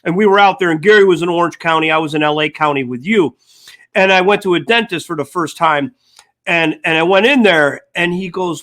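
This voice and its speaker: A man's voice: fairly high pitch, fairly quick, pushed and bright. An older man co-hosting a casual sports talk show, telling rambling stories and acting out quoted dialogue. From United States. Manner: storytelling, acts out quoted dialogue. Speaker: podcast co-host. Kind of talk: casual chat.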